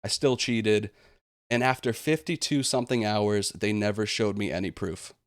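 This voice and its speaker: A man's voice: fairly low pitch, steady tone, normal speed, no echo, studio quality. A young man venting in a vlog monologue, aggrieved and indignant, slipping into sarcastic mocking quotes. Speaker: gaming channel host.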